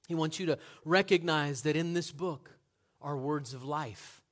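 A man preaching a sermon in an earnest manner, moving from hushed passages to loud, emphatic ones. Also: a little high. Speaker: pastor.

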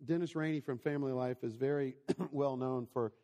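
A man's voice: mid-range voice, fairly even intonation, normal speed, warm tone. A man in his forties giving a conversational sermon, telling stories and asking the listeners questions. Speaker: preacher. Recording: long hall reverb.

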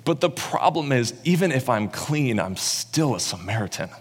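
A man's voice: medium pitch, sing-song, normal speed, slightly rough. A preacher voicing a despairing outcast man. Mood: pleading. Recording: long reverb in a large hall.

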